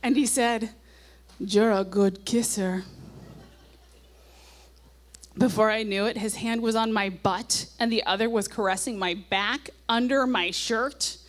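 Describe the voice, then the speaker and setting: A woman's voice: on the high side, moderate pace, hardly any pauses, fairly bright tone. Woman in her forties reading her old diary aloud. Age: 40s. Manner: wry asides, reads diary passages with mounting gusto. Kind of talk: live comic diary reading. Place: stage at a nightclub before an audience.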